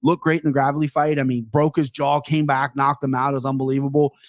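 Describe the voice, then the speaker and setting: A man co-hosting a sports podcast, talking through a matchup in a quick, chatty way. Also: mid-range voice, little pitch movement, no echo, clean studio sound. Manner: quick, chatty fight breakdown. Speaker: podcast co-host. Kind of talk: casual sports podcast chat.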